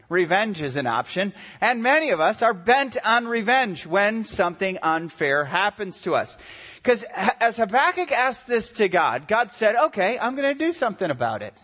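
A man in his forties, a pastor preaching a sermon, animated and acting out quotes in shifting voices. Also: sits high, normal speed. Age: 40s.

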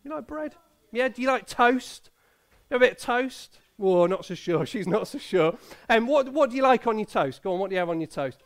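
Chatty high-voiced preacher. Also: male voice, animated, normal speed, creaky. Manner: chatty and playful, quizzing the children and the congregation. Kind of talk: Bible reading and children's talk in a church service.

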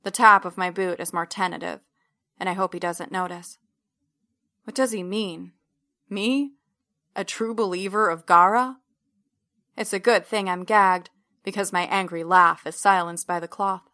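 Woman narrating a story in an even voice. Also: fairly low pitch, unhurried, pauses often. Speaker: audiobook narrator. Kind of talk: first-person fiction narration.

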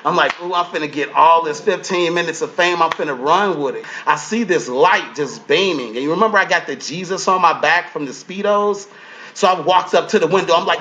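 A man, a comedian and guest, telling a story in an animated, profane way and acting out other people's lines in changing voices. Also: fairly high pitch, a little fast.

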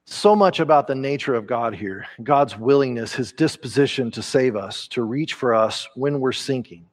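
A man, a pastor preaching a conversational sermon in a church, growing animated as he acts out quotes. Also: medium pitch, moderate pace. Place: church sanctuary.

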